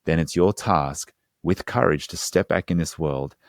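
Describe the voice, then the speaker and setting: Male therapist guest, low voice, earnest and explanatory, dry close-miked studio sound. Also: normal speed, gravelly, dry recording. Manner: earnest, explanatory, slangy asides. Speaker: hypnotherapist guest. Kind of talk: casual podcast conversation.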